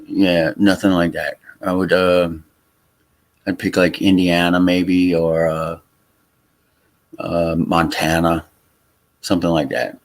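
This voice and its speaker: A man from Louisiana hosting a casual livestream chat, talking in a halting way with many fillers and restarts. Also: low voice, level tone. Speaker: livestream host. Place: Texas home.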